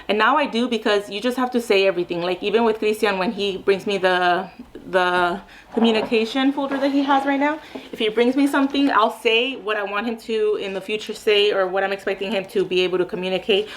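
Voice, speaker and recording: A woman's voice: mid-range voice, brisk, poor audio. A young woman, a mom and speech therapist, giving casual advice in a chatty way with many fillers.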